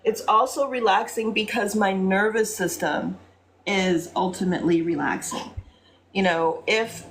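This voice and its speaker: A woman's voice: mid-range voice, fairly even intonation, unhurried. Chatty woman hosting a spiritual live stream. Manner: chatty, with frequent ums and soft mantra recitation. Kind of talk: casual live-stream teaching.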